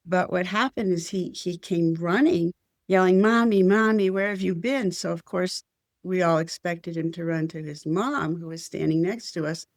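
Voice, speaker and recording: Earnest older woman with a gravelly voice. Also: on the low side, dry recording, clean studio sound. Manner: earnest, heartfelt, spiritual. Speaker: interview guest. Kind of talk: personal storytelling.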